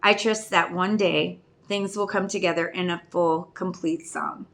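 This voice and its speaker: With a fairly low, steady voice that's a bit bright, this woman in her fifties speaks at a measured pace. She's a video diarist in addiction recovery, rambling candidly in her personal vlog and questioning herself while hunting for words.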